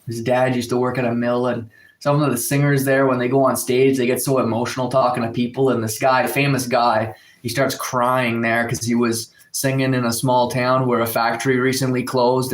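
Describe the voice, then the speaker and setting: A man's voice: mid-range voice, little pitch movement, fairly quick. Casual male livestreamer, mid-range voice, loose filler-heavy chat, roomy echo. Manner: rambling, filler-heavy storytelling, reads chat aloud. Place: indoors at home, in a room with a window. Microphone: phone.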